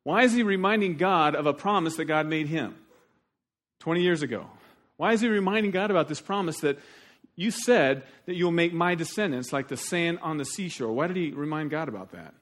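Animated male preacher. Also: on the high side, brisk. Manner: animated, shifting between loud emphasis and quiet asides. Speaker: pastor. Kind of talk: sermon.

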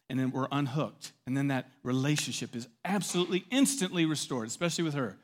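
A middle-aged man preaching a sermon with animated delivery, acting out quotes and swelling loud at key points. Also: on the high side, quick pace, few pauses. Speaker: pastor.

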